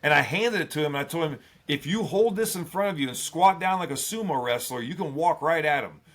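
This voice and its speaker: A man's voice: fairly high pitch, a little fast, fairly bright tone. Man telling a story with a laugh. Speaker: podcast guest, former football player. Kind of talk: casual storytelling.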